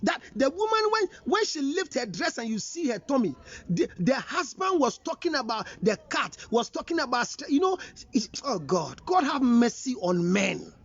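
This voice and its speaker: A man with a Ghanaian accent and a very high, expressive voice that swoops up and down as he lectures. He scolds and presses with pointed questions, a relationship counselor on a dull, lo-fi recording. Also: moderate pace. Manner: emphatic, scolding, rhetorical questions. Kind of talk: counseling talk mixing English and Twi.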